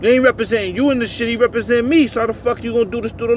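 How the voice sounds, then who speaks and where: An angry truck driver, a man, fires off a profane rant outdoors beside his rig. His voice sits high for a man and keeps climbing as he gets worked up. Faint traffic and outdoor noise hang behind him. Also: rapid-fire, hardly any pauses. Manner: profane, agitated, rising to shouts. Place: outdoors by a truck at a loading yard. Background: faint vehicle and outdoor noise.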